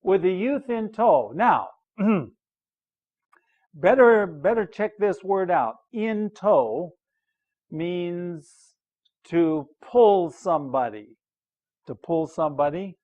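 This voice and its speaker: An older American man teaches English at a very slow, deliberate pace. He reads a story line by line, repeating phrases and checking that his listeners understand. His fairly high voice comes through dull, lo-fi audio. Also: expressive, darkish tone. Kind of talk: slow explanatory lesson, reading a story aloud.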